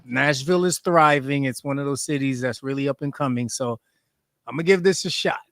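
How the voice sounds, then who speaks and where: A man co-hosting a podcast in an animated, slangy way, reading out viewer comments. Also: mid-range voice, brisk, no room sound, studio quality. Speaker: podcast co-host. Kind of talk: casual chat.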